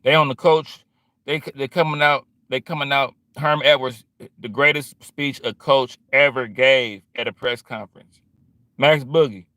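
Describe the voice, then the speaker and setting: A man's voice: medium pitch, bright, forceful tone, no room sound. A man talking in a rambling, streetwise monologue, full of slang, who keeps drifting into quoting other people. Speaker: vlogger. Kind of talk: casual monologue.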